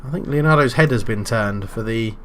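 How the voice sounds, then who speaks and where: A British man commentating his own football management game, calm between moves and shouting loudly when his side scores. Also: mid-range voice, fairly quick. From Britain. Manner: excitable, bursts into loud shouting at goals. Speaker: gaming YouTuber.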